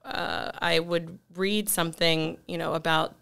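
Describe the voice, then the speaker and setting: A woman's voice: sits low, fairly even intonation, a little slow, gravelly, few pauses, fairly bright tone, clean tone. A woman co-hosting a podcast in a chatty casual way. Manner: chatty, laughing easily. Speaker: podcast co-host.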